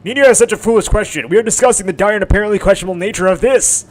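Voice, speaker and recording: A man's voice: high-pitched, very fast, low-quality recording. A man voicing a flamboyant, haughty young male opera singer with a grandiose, theatrical manner in a visual novel. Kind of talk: voiced visual novel reading.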